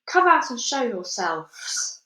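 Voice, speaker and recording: A woman reading a storybook aloud, voicing a loud, panicky male police chief who shouts his lines, in an echoey room. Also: on the high side, moderate pace. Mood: blustering. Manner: shouted, excitable.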